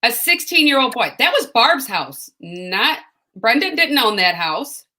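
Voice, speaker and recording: Older woman co-host, bright and sharp voice, blunt and wry. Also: on the high side, sing-song, unhurried. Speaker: retired nurse, co-host of a livestream. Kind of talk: casual chat.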